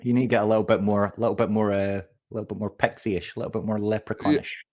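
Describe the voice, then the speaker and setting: A man in his forties with a lowish voice hosts a relaxed live-stream conversation. He teases his guest good-naturedly and often repeats a word or two before getting a sentence going. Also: fast. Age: 40s. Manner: teasing, repeats words when starting. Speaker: host. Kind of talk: casual live-stream chat.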